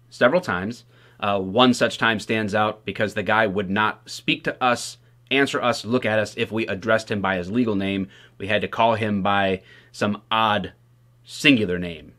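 A man's voice: on the low side, pushed and bright. A man from Michigan who works as a police officer, giving casual, wry commentary to the camera with sarcastic asides. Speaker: police officer, video host.

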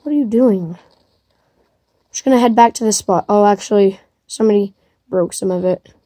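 A woman giving casual commentary to herself while playing a game, excitable and chatty. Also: mid-range voice, normal speed, no echo, studio quality. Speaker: gamer streaming gameplay. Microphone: device mic while playing on a tablet.

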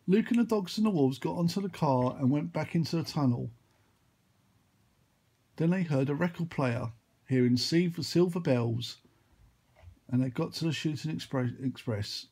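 A man telling a long, rambling made-up story, full of excited sound effects. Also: a little high, normal speed, long pauses, slightly rough. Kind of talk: improvised storytelling.

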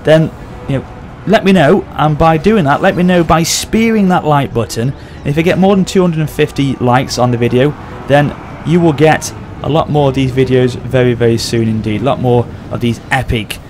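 A man hosting a gaming channel, excitedly commentating a battle over gameplay and often addressing his audience. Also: mid-range voice, normal speed, few pauses, slight background noise.

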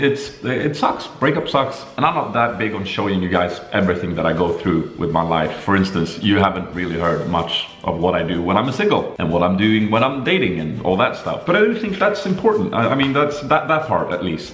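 Chatty Swedish man vlogging at home. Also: echoey room. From Sweden. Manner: chatty and playful, swings from soft murmurs to high excited bursts. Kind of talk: casual vlog chat. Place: home kitchen.

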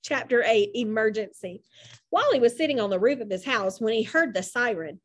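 Woman narrator, children's book reading, high voice, lively and animated delivery. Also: a little fast. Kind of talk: storybook reading aloud.

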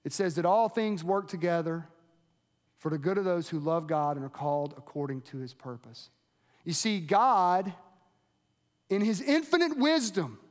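A male pastor preaching in an earnest, conversational way, stumbling and repeating words as he goes. His voice sits very high for a man. The sound rings with a long reverb, as in a large hall. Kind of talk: sermon.

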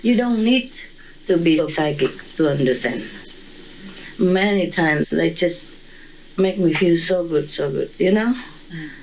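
Lively woman telling an animal story. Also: fairly low pitch, a little slow, long pauses, rough recording. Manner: laughs often, acts out voices and sounds. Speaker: interviewee.

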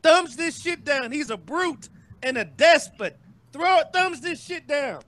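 Very high bright man mocking on call. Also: expressive, a little slow. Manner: mocking, egging others on. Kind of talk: crude trash-talk banter.

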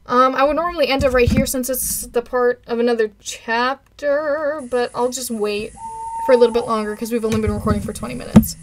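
A woman giving excitable, giggly commentary while playing a video game. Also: on the high side, fairly quick, slight background noise, poor audio. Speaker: gaming video creator. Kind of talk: let's play commentary. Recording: game music playing underneath.

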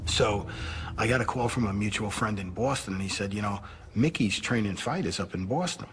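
A man's voice: lowish voice, brisk, a little hiss or hum. A middle-aged man speaking earnestly in a reflective interview, often saying "you know". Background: music score.

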